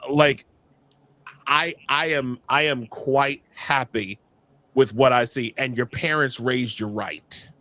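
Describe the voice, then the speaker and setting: A man co-hosting a podcast in casual, animated chat, joking and often restarting his sentences. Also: medium pitch, takes it slowly, dry recording. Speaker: podcast co-host.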